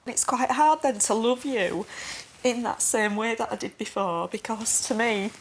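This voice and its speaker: A woman's voice: fairly high pitch, measured pace, husky. A mother in a counselling session, crying as she speaks to her husband in a tearful, pleading and reproachful way. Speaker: mother in family therapy. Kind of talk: emotional confrontation in counselling.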